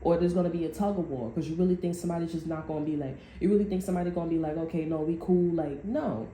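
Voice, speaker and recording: Woman tarot reader, very dark mellow tone, profane and rambling, roomy echo. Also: fairly low pitch, racing. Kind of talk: casual unscripted tarot monologue. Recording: echoey room with faint background noise.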